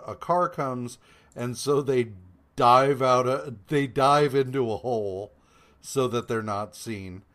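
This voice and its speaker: A man hosting a podcast and recapping comic issues in an unhurried, rambling way. He fills his talk with ums and uhs, swears freely, and sums up the characters' lines with dry sarcasm. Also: medium pitch. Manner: meandering, profane, many fillers and hesitations; paraphrases characters in a flat, sarcastic retelling. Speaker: podcast co-host. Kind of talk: casual comic-book recap chat.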